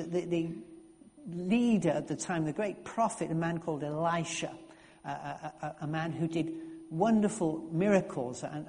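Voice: mid-range voice, darkish tone, big-room sound. A preacher giving a conversational sermon, often restarting and repeating words.

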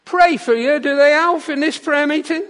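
A man voicing a cheerful, teasing Cockney church member with a broad, booming voice. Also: moderate pace, fairly bright tone, big-room sound.

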